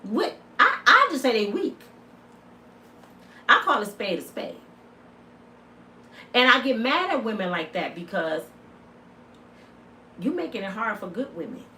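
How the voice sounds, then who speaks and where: A woman giving a comedic opinion rant, loud and blunt, full of asides. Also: on the high side, very animated, a little slow, pauses often, reverberant, distant mic, a little hiss or hum. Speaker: commentator.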